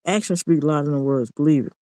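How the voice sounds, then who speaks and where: A man's voice: fairly high pitch, fast talker, dark tone, dry recording, poor audio. A man, ranting in a casual monologue vlog, blunt and preachy and repeating himself.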